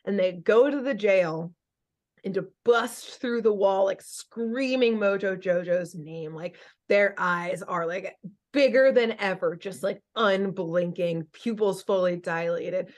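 A young adult woman hosting a podcast, recapping a cartoon episode in animated, casual storytelling full of fillers. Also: mid-range voice, takes it slowly. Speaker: podcast host.

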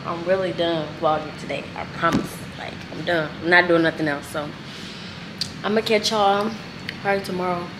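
A young woman chats to her viewers, calling them y'all and giving a running commentary as she vlogs. She talks into a handheld phone camera. The recording is noisy, with steady sound behind her voice. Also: lowish voice, normal speed. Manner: chatty, addresses viewers as y'all. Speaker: vlogger. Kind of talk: casual vlog talk to camera.

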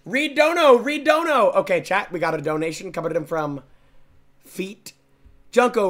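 A young man streaming and reacting to game clips, brash and profane, often breaking into shouting. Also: high voice. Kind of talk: loud casual stream commentary.

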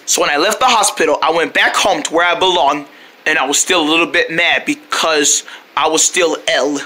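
A man's voice: a little high, moderate pace, bright, forceful tone. A man telling a rambling first-person story skit in a playful, run-on way, adding his own sound effects. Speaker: storyteller voicing a character.

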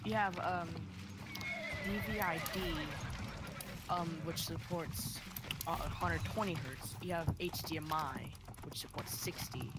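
A man's voice: on the high side, steady tone, measured pace. A young man streaming a game, chatting casually with hesitant fillers as he rambles. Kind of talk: casual gaming chat. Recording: loud game noise behind. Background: game sounds, horses, vehicles.

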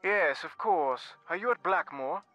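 An actor playing a well-spoken lord of a manor who speaks formally and with measured exasperation in a game. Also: male voice, a little high, animated, sharp tone, dull audio, soft background music. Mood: exasperated.

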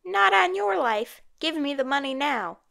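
A woman voicing a gruff, saucy teenage street boy in an audiobook, talking stubbornly in slang. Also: high-pitched, expressive, a little slow, pushed and bright, voice pushed up, exaggerated voice. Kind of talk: audiobook character voice.

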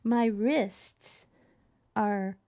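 A middle-aged woman teaching piano in a chatty, expressive way, often laughing as she explains. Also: medium pitch, extremely slow. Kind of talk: casual spoken tutorial.

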